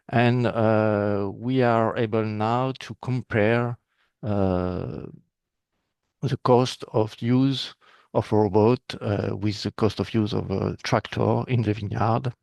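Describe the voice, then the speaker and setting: Male presenter, low gravelly voice, halting delivery with many fillers. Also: darkish tone, no room sound. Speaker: presenter from a vine and wine institute. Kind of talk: webinar presentation.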